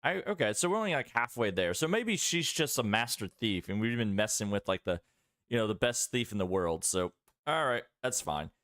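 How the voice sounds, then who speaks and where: A man's voice: medium pitch, sing-song, normal speed, a bit bright, dry recording, studio quality. A man live-streaming a game, talking in a rambling, chatty way with many fillers. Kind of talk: casual live-stream commentary.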